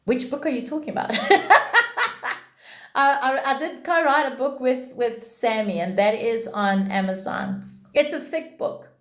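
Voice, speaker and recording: Woman, live-stream spiritual teacher, high voice, drawn-out emphatic delivery, echoey room. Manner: slow, emphatic, repeats phrases for emphasis. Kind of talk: live-stream spiritual talk answering chat.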